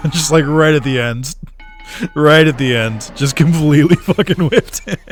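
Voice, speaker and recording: During a casual game stream, a man rants with sarcasm, curses a lot and laughs frequently. His voice is on the high side and a bit bright, and he speaks unhurriedly over faint background music.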